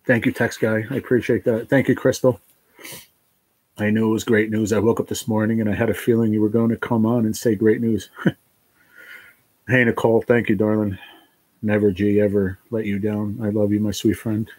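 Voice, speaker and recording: A man hosting a livestream, crying and thanking his viewers in a heartfelt, halting way. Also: fairly low pitch, little pitch movement, a little mellow, dry recording. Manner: tearful, heartfelt, halting with restarts. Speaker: livestream host reading chat. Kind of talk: emotional livestream chat.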